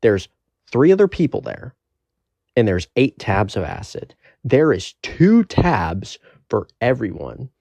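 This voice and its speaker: A man's voice: fairly low pitch, very animated, takes it slowly, gravelly, mellow, dry recording. A young man telling a rambling, profane story in a casual storytime monologue.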